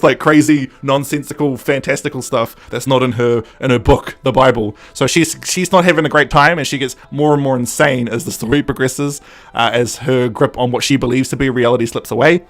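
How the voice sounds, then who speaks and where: A man hosting a podcast, recapping a story in a casual, animated way with lots of fillers. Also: medium pitch. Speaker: podcast host. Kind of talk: casual review chat.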